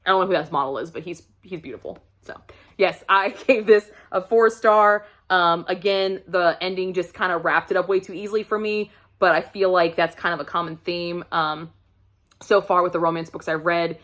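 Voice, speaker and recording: A woman's voice: fairly low pitch, normal speed, fairly bright tone. A woman reviewing books in a casual vlog, chatty and gushing, laughing often as she talks. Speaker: book reviewer.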